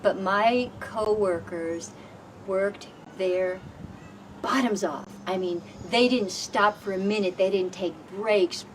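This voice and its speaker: A woman, a homeowner, telling her own story in an expressive, animated way, recorded outdoors on a porch. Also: mid-range voice, slow. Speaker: housing program homeowner. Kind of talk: personal storytelling. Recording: distant mic with background noise.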